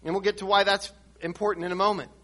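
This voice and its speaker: A man's voice: high-pitched, flat delivery, fast, fairly bright tone. A man preaching a sermon, teaching verse by verse through scripture with emphatic points and frequent restarts. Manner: reads and explains scripture verse by verse.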